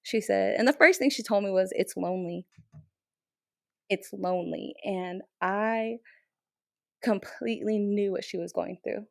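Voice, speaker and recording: A young woman, a military training instructor from the Navajo Nation, telling a story in an interview with emotional, animated retelling. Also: medium pitch, a little slow, creaky, long pauses, no room sound, studio quality. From Navajo Nation, Southwest US.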